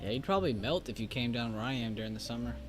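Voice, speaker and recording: A man's voice: mid-range voice, expressive, rapid-fire, soft background music. A man hosting a live stream, chatting casually about trades with frequent fillers and easy laughter. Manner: laid-back, chatty, laughs easily, many fillers. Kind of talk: casual chat while reviewing trades. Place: home studio in Texas.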